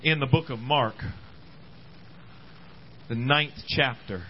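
A man's voice: slow pace, muffled recording, a little hiss or hum. Preacher man, rising and falling. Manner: swings between loud rising exhortation and quiet low asides; repeats words and restarts phrases, with frequent amens. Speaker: pastor. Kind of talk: sermon. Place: church service.

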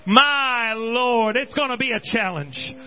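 High-voiced man preaching with shouted bursts. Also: slow pace, highs cut off, faint music behind. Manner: preaching with rising shouted bursts and repeated exhortations. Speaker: pastor. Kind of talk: sermon. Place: church service.

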